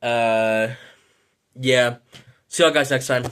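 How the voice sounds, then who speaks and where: A man's voice: mid-range voice, fairly even intonation, slow, fairly bright tone, slight background noise. A man ranting in a casual vlog, frustrated and rambling, swearing often and apologizing for it. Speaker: vlogger.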